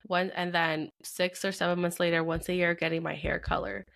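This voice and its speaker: Chatty mom co-host, thirties, animated storyteller who laughs easily. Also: female voice, fairly low pitch, a little fast, creaky. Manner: chatty, laughs often, acts out quotes. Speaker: podcast co-host. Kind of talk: casual chat.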